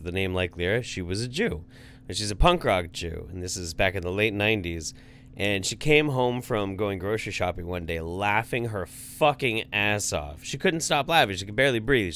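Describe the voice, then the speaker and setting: Man, podcast co-host, lively up-and-down pitch, swears a lot, casual storytelling. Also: slight background noise. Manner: animated, swears freely, acts out voices in stories.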